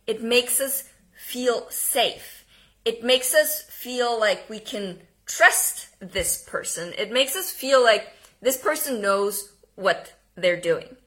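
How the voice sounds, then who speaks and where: A woman coaching on voice and tone in a live online workshop, informal and quick to laugh at herself, swinging between loud demonstrations and hushed, paused delivery. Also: fairly high pitch. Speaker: communication coach.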